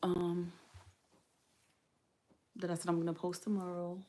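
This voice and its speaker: A woman's voice: on the low side, completely flat delivery, measured pace, dark tone. A woman who is a parent, hosting a live stream and chatting candidly with viewers in a casual way. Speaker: livestream host.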